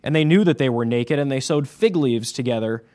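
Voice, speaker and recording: A man's voice: medium pitch, a little fast, a little mellow. A man preaching a sermon as pastor, emphatic and repeating his key points.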